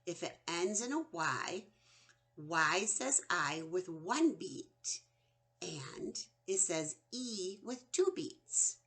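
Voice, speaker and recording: Slow, lively woman teaching phonics. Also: medium pitch. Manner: slow, exaggerated sounding-out of vowels. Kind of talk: phonics lesson for children.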